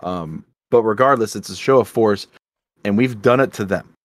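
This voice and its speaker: A man's voice: fairly low pitch, normal speed, dry recording. A man co-hosting a casual drinking podcast, talking earnestly and often stopping to restart or correct himself. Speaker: podcast co-host.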